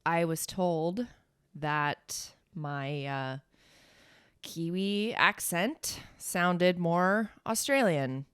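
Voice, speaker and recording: A woman co-hosting a comedy podcast, telling a mock-tragic story in a deadpan, casual way. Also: lowish voice, drawn-out words, clear, resonant tone, dry recording, clean studio sound. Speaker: podcast co-host.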